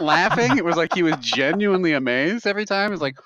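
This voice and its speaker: A crowd can be heard behind this man, whose fairly high voice is fast with lively intonation. He co-hosts a podcast, rambling casually through humorous stories he keeps laughing at, on a dry, slightly dull podcast mic.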